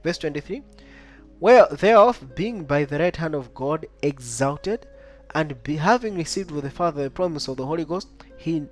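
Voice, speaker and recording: A man teaching a Bible study lesson, reading verses aloud and keeping up a steady stream of rhetorical questions to his listeners. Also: a little high, moderate pace, soft background music. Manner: keeps asking the listener rhetorical questions like "right?" and "what?"; reads scripture aloud in old-style wording.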